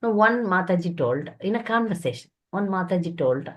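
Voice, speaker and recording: A woman's voice: fairly low pitch, brisk, few pauses. A woman, a spiritual teacher giving direct, scolding advice in a guidance session. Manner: direct, scolding, lively storytelling. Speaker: spiritual teacher answering questions.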